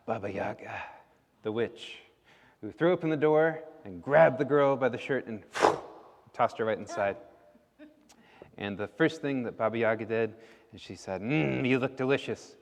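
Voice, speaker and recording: A man telling a folk tale to children in a church service, playful and full of questions to them, in an echoey hall. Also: on the low side. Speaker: storyteller. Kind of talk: children's story time in a service. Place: church sanctuary.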